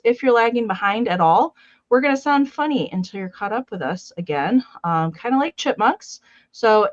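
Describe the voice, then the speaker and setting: A woman's voice: mid-range voice, dull audio. A woman co-hosting a live vintage sale in casual chat, greeting viewers by name and walking through the steps with many fillers.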